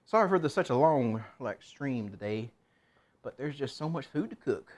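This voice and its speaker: A man's voice: mid-range voice, expressive, moderate pace. A man streaming himself cooking in a home kitchen, chatting casually and rambling to himself as he works.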